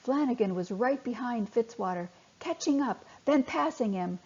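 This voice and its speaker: Woman storyteller, slightly high voice, breathy, slow and soft, muffled lo-fi recording. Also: animated. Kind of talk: bedtime story reading for children. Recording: dull lo-fi recording.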